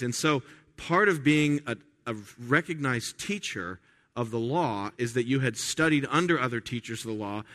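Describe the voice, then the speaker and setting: A man pastor preaching a sermon in a conversational way, full of restarts and rhetorical questions, swinging from quiet asides to loud emphatic lines. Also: medium pitch.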